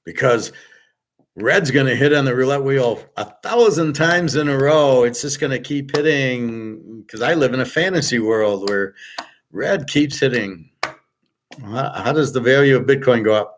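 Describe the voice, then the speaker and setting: A man's voice: medium pitch, unhurried. Profane, sarcastic male streamer. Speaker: host. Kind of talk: livestream rant reading chat.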